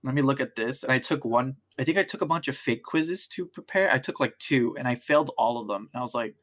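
Young male podcast co-host, animated storyteller who plays every part. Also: mid-range voice, quick pace. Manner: animated storyteller acting out quoted voices, laughing often. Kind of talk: casual chat, storytelling.

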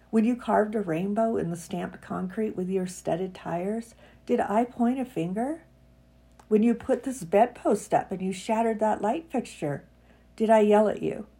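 A woman podcast host with a croaky voice from a cold, chatting casually and then reading a heartfelt piece aloud with emphatic feeling. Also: mid-range voice, mellow. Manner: chatty and self-mocking, reads with emphatic feeling.

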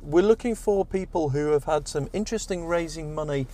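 A man's voice: fairly high pitch, a little fast. A man co-hosting a podcast, chatting casually and jokingly while reading out listener reviews. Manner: jokey, relaxed, reads listener reviews. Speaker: podcast co-host.

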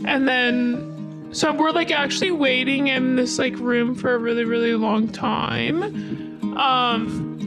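High-voiced woman rambling through a story. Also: steady tone, slow pace, over loud music. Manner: rambling, peppered with "like" and swearing. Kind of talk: casual personal storytelling.

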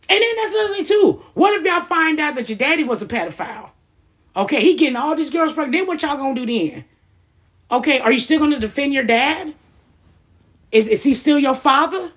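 A woman delivering a heated, blunt, profane rant to camera, firing off rhetorical questions. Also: high voice. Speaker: vlogger.

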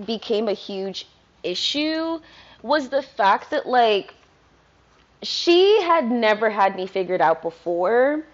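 The voice here is a woman's, on the high side, captured on a muffled recording. She's a Virginia podcaster talking from her apartment in a rambling, ranting monologue laced with profanity.

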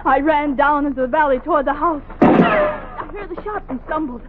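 A defiant young runaway, high and tinny. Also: female voice, animated, moderate pace, heavy background noise. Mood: breathless. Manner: earnest, defiant. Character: young enslaved woman fleeing north, determined. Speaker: narrator and lead. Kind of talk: 1950s radio drama acting. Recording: tinny old radio recording.

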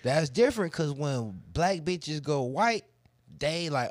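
A man, co-hosting a casual chat with crude jokes and animated impressions. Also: on the high side, measured pace, no room sound, studio quality. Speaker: podcast co-host.

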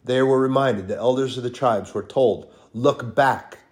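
Emphatic male preacher with a mid-pitched voice. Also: darkish tone. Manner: emphatic, repetitive lists, drawn-out stresses. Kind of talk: sermon.

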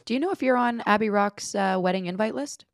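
A woman's voice: mid-range voice, fast, no echo, studio quality. A woman co-hosting a podcast, asking questions in a playful, teasing way during casual chat. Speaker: podcast co-host.

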